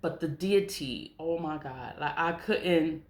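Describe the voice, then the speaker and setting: A woman's voice: sits low, takes it slowly, a little mellow. A middle-aged woman talking casually to her camera, blunt and profane, laughing often. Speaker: spiritual vlogger. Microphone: camera mic. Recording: echoey room with faint noise.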